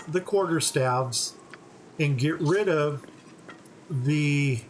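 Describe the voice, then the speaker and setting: A man giving relaxed, step-by-step commentary on a game playthrough. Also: a little high, a little hiss or hum, poor audio. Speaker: gaming channel host.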